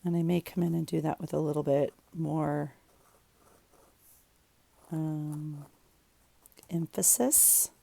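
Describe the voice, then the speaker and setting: A woman's voice: deep voice, little pitch movement, slow pace, gravelly, pauses often, dark tone. A woman vlogger chatting casually in her home craft room, rambling and thinking aloud as she works on a journal page. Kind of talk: casual chat while crafting.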